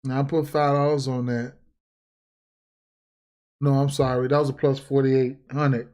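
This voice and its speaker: A man's voice: mid-range voice, little pitch movement, measured pace, a little mellow, clear, resonant tone. A man ranting casually and profanely on a livestream about sports bets, repeating himself and getting heated. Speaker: sports betting streamer.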